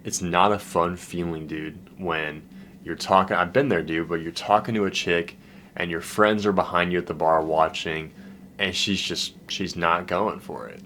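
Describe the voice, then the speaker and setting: A man's voice: low-pitched, steady tone, moderate pace, pushed and bright, a little hiss or hum. A man who works as a dating coach talking in a loose, candid and profane way, heartfelt and emotional about his past, with "dude" and "man" in every other line. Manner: emotional and heartfelt when recalling loneliness. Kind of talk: casual, profane monologue.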